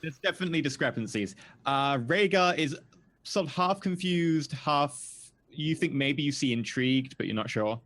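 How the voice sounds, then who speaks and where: A man running a tabletop role-playing game as game master, narrating the scene in a hesitant way with frequent pauses and fillers. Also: a little high, animated, a bit bright. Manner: hesitant, full of ums and restarts.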